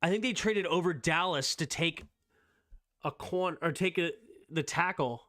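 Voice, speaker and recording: A man hosting a casual live sports talk stream, reacting quickly and excitedly with strong opinions. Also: on the high side. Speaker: streamer host.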